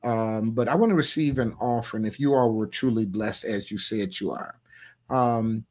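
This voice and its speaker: Folksy pastor chatting with online viewers. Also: male voice, lowish voice, moderate pace. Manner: loose, folksy, playful, with sudden loud bursts. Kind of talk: livestream sermon talk reading viewer comments.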